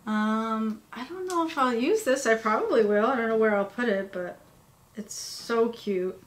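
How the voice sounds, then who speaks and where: A tired woman vlogger rambles and gushes while unboxing cute merchandise at her home workspace, her voice on the high side and her pace moderate. It's a casual unboxing chat recorded in an echoey room with faint ambience.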